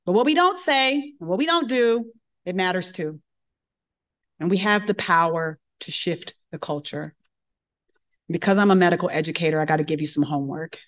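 A woman's voice: on the low side, lively intonation, normal speed. A woman giving a lecture, telling a story and acting out the dialogue in character voices. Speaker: guest speaker at medical grand rounds.

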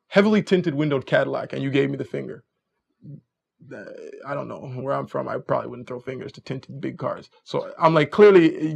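With a creaky, mid-range voice, a man offers casual dating advice as a dating coach. He tells stories animatedly, playing both parties in each conversation.

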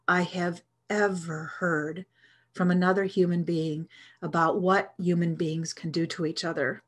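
A middle-aged woman telling a personal story in an earnest, reflective way, with hesitant restarts. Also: lowish voice. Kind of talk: storytelling talk.

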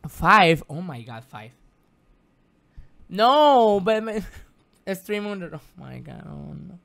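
A man whose first language is Spanish, streaming a game live with excitable, theatrical commentary that jumps from muttering to yelping. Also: high voice, slow pace, gravelly. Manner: excitable and theatrical, swinging between mutters and yelps. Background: game music.

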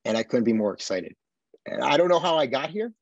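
A man from the United States, a podcast guest, telling his experiences in an earnest, animated way with frequent tag questions. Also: medium pitch, a little fast, gravelly, no room sound, lo-fi sound. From Buffalo, USA. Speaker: podcast guest, army veteran. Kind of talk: casual conversation.

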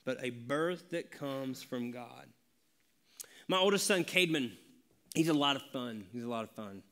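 A male pastor giving a conversational church sermon, animated and laughing as he acts out family stories. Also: medium pitch, normal speed. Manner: animated, laughing, acting out dialogue. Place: church sanctuary.

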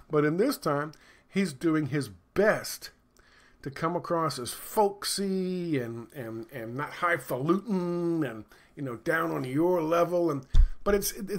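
A man's voice: on the high side, fairly bright tone. Sarcastic, cursing middle-aged man. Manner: sarcastic, profane, rambling with fillers. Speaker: video commentator. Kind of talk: casual commentary rant.

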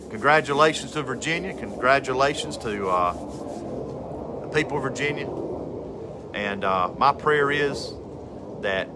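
A man's voice: mid-range voice, very noisy. A man preaching with fervor, repeating phrases and building to emphatic peaks. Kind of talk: impassioned outdoor sermon.

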